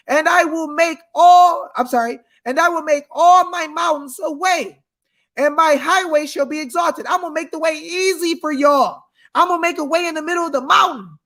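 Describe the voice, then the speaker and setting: High-pitched guy preaching hard, aave, reads scripture then yells about it. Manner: fiery, shouting, reads scripture aloud. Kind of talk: impassioned preaching.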